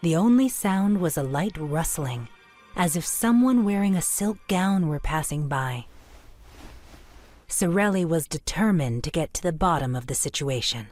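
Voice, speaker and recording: Low-voiced woman narrating a storybook. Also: lively intonation, measured pace, darkish tone, no room sound, faint music behind.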